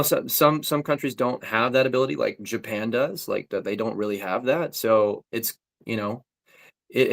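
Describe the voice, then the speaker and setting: A young man, a voice actor, talking casually in an interview, loose and full of fillers as he explains his craft. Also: mid-range voice. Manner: loose, filler-heavy, technical talk with frequent likes and ums. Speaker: voice actor guest.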